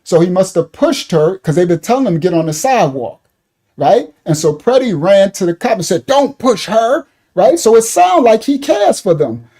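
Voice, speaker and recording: A man's voice: sits high, big pitch swings, moderate pace, mellow. A man giving loose, repetitive livestream commentary, talking to his chat viewers by name. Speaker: online commentator.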